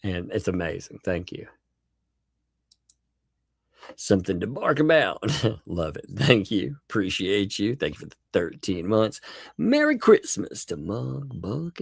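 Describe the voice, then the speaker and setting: A man hosting a casual livestream in a gravelly, low voice. He talks in a lively, swooping way, playing up mock drama and laughing as he reads and thanks his chat. The sound is close and dry. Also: a little slow, no room sound. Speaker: livestream host.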